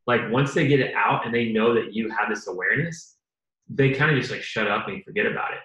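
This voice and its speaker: A man's voice: on the low side, fast, sharp tone. Man giving earnest advice, echoey room. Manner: earnest, acts out quoted dialogue. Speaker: co-host. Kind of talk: casual advice chat.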